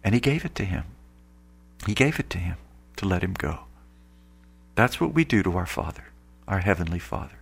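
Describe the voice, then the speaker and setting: A man's voice: deep voice, big pitch swings, moderate pace, creaky, long pauses, slightly rough. A man preaching an earnest Catholic radio sermon, rising now and then to emphatic outbursts.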